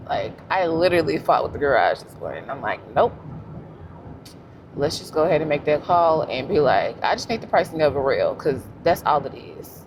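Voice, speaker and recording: A young woman vlogging while driving, telling stories in a relaxed, slangy way. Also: low voice, background noise. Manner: animated storytelling with slang and laughs. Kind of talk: casual vlog chat. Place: in a car.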